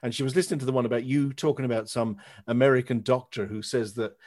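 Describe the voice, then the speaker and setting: A man's voice: mid-range voice, steady tone, fast talker, a little mellow. An Irish man co-hosting a podcast, joking and opinionated in casual chat. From Ireland. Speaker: podcast co-host.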